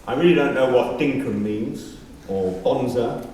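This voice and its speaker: Rabbi giving a measured assembly address with dry humor; distant mic, heavy hall echo. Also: male voice, medium pitch, dark tone. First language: not Australian-born. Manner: measured, wry asides. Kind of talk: formal speech. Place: large school hall. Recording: very echoey hall from far off, faint background noise.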